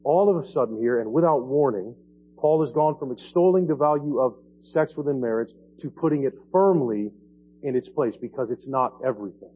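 A man preaches in a church, relaxed and conversational, with frequent "right?" tags aimed at the congregation. The recording sounds dull and lo-fi, with a faint hum underneath. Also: medium pitch, fairly quick. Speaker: pastor. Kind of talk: sermon. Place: church sanctuary.

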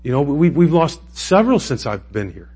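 A man's voice: on the high side, sing-song, normal speed, a little mellow, slightly rough. A man preaching a sermon in a conversational, emotional way that rises to impassioned peaks. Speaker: pastor.

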